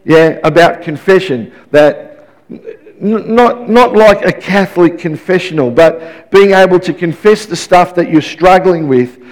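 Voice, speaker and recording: A man's voice: high-pitched, a little slow, darkish tone. A man in his fifties preaching a sermon in an emphatic, repetitive way, often restarting his sentences.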